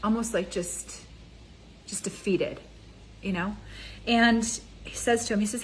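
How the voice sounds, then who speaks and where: A middle-aged woman gives a motivational talk straight to her audience. She talks in a casual, energetic way and keeps asking her listeners direct questions. Her voice sits at an ordinary pitch for a woman. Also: a little slow, long pauses, a little hiss or hum, rough recording. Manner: energetic, conversational, addresses viewers directly. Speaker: mind ascension coach.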